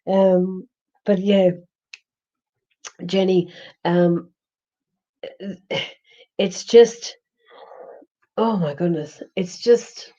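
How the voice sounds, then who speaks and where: Husky-voiced woman giving a gentle psychic reading. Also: on the low side, fairly even intonation, extremely slow, long pauses, highs cut off. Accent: Australian. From Australia. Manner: gentle, consoling and rambling, with many restarts. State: hoarse, losing her voice. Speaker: psychic medium. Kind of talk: live-stream psychic reading.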